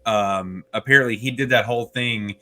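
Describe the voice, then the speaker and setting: A man's voice: mid-range voice, normal speed, pushed and bright. A man co-hosting a casual movie review chat, telling a rambling story with many fillers and restarts. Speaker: podcast co-host.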